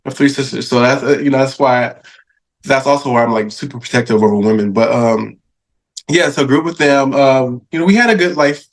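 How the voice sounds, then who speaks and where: A man in his thirties, a podcast guest, telling stories in a casual, animated way, laughing often and acting out what people said. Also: mid-range voice, fairly quick. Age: 30s. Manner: animated, laughing, acts out quoted voices. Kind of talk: casual storytelling interview.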